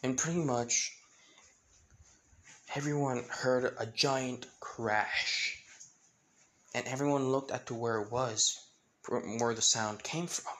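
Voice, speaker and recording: A man's voice: mid-range voice, fairly even intonation, takes it slowly, pauses often, bright, forceful tone, slight background noise, rough recording. A man casually retelling a fan-made crossover story, rambling with many fillers and restarts. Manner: rambling, full of "pretty much" and "like", frequent restarts.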